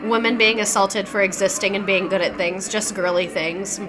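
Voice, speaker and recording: A woman's voice: medium pitch, fairly even intonation, normal speed, music in the background. A young woman casually telling a true-crime story to her viewers, chatty and slangy, reading out facts and reacting to chat.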